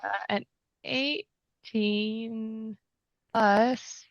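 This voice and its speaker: A woman playing a tabletop game, relaxed and playful. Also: a little high, very slow, dry recording, highs cut off. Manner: relaxed and playful, laughing between lines. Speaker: player.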